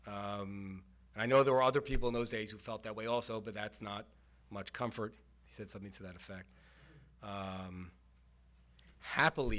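A man's voice: fairly low pitch, bright, forceful tone. A man, a historian, giving a public lecture to a community audience, explaining in a conversational way with asides and fillers. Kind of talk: lecture with slides. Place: community center presentation.

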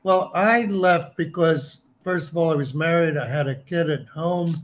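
A man's voice: fairly high pitch, unhurried. An older man, a former band member, cutting in with teasing remarks in a casual interview.

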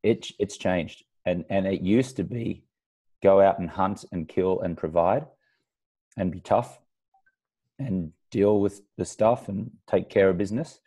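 Deep, mellow Australian man hosting. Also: a little slow, slightly rough. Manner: thoughtful, with frequent restarts and fillers. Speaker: podcast host. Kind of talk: conversational interview.

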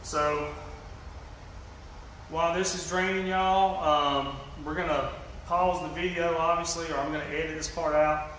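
A man's voice: a little high, level tone, unhurried, fairly bright tone, a little hiss or hum. A man from Georgia with a Southern accent, casually walking through a hands-on repair and talking folksily with lots of "y'all" and fillers. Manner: folksy, says "y'all" often, many fillers and restarts. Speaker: fishing channel host. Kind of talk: casual how-to demonstration.

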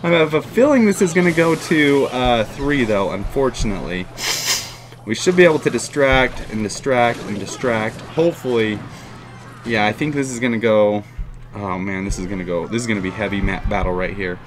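This male gaming YouTuber provides chatty, excitable live commentary on a mobile match he's playing, frequently repeating himself and reacting with cheers or groans. His pitch is fairly low and his speed normal.

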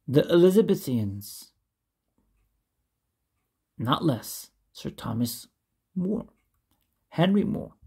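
Slow, gravelly woman reading aloud. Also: a bass voice, mellow. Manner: careful, stumbles and restarts on hard names. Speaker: reader. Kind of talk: reading a classic essay aloud.

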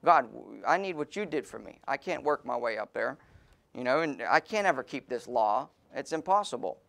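A man pastor preaching a sermon in an informal, folksy way, with many fillers and restarts, and reading scripture aloud slowly and with emphasis. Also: mid-range voice, animated, creaky, fairly bright tone. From Pennsylvania, USA.

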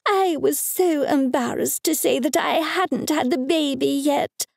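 Woman doing a shrill, scolding pious mother. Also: unhurried, creaky, no room sound, clean studio sound. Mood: indignant. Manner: shrill, indignant.

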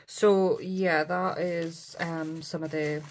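A woman's voice: low-pitched, steady tone, takes it slowly, a little hiss or hum. A woman chatting casually through a craft haul, with lots of ums and asides. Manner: chatty, many ums, self-correcting. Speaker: craft vlogger. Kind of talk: casual show-and-tell haul.

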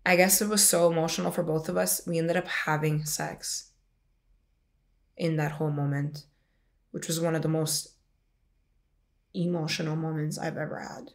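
A young woman in her twenties with a low, gravelly voice tells her own story in a loose, rambling flow. She stumbles through restarts and fills her sentences with "like." Her retelling carries plain emotion. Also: little pitch movement, moderate pace, pauses often. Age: 20s. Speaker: interviewee sharing a personal story. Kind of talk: casual personal storytelling.

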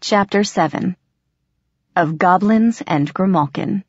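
A woman with a fairly low voice reads a first-person story aloud in a dramatic, expressive way. The sound is dry and a little muffled, like a simple home setup. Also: takes it slowly, slightly rough, no room sound. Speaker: audiobook narrator. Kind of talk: first-person audiobook narration.

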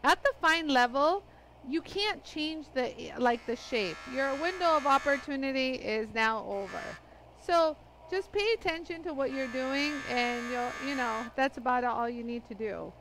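Chatty high-voiced woman hosting a live demo. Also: a little slow, noisy background. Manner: chatty, greets viewers by name, laughs often. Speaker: livestream demo host. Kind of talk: live product demonstration.

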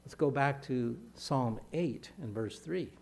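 Here a man preaches with a medium-pitched, creaky, fairly mellow voice. As a pastor he keeps his phrasing measured, lifting his delivery whenever he reads from scripture.

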